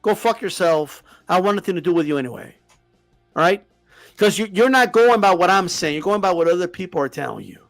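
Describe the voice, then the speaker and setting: A man's voice: sits high, lively intonation, fairly quick, gravelly, a bit bright, dry recording, faint music behind. A man hosting a boxing channel, ranting to the camera with heavy swearing and lots of repetition. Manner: profane, heated, repeats himself.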